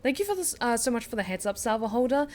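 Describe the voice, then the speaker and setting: A woman's voice: on the high side, sing-song, quick pace, a little mellow. A woman streaming a video game, chatting casually with her viewers. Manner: chatty, thanks chat, self-reassuring. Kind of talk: casual let's-play chat.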